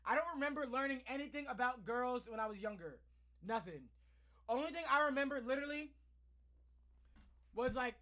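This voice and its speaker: A man's voice: very high voice, sharp tone. A man hosting a reaction video, ranting in heated, profane commentary.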